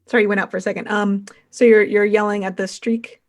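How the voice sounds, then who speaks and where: A woman's voice: medium pitch, flat delivery, quick pace, darkish tone. A woman running a tabletop game as game master, narrating hesitantly with many restarts.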